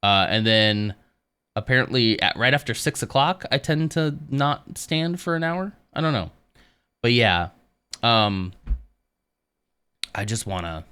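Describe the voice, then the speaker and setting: This man's smooth voice is fairly low, and he talks at a measured pace with long pauses. Live streaming from his home office, he chats casually with viewers, relaxed and somewhat rambling as he responds to chat.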